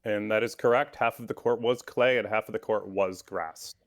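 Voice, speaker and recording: A man with a somewhat low voice hosts a trivia game. He reads each question out carefully, and between them he chats in an easygoing way. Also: fairly even intonation, moderate pace. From Minneapolis area, US. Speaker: guest quiz host. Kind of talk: podcast trivia hosting.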